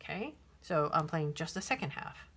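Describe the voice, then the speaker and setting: A woman's voice: deep voice, expressive, moderate pace, very noisy. A woman teaching piano, patiently counting beats and singing rhythms, with many ums and restarts. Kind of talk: piano tutorial. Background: piano playing.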